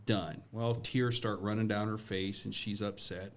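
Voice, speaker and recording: Low-voiced man telling a family story. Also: fairly even intonation, unhurried, few pauses. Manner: exasperated dad telling a family anecdote. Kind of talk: casual storytelling.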